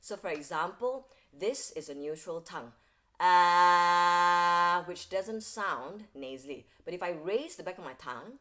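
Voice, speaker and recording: A woman's voice: lowish voice, expressive, moderate pace, few pauses. A woman singing teacher explaining vocal technique step by step, often checking in with "all right?". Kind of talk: instructional video lesson.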